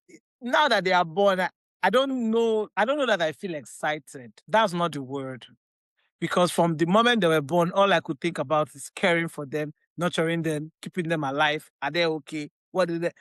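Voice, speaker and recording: Nigerian woman telling an animated story. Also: lowish voice, no room sound. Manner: animated, emphatic storytelling with repeated phrases. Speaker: podcast guest. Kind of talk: casual chat.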